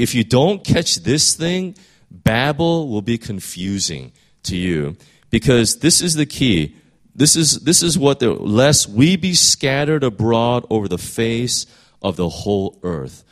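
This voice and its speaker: A man's voice: mid-range voice, very animated, a little slow. A man preaching a sermon in a conversational way, often repeating words and rising to emphatic peaks. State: voice straining, clearing throat. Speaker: pastor.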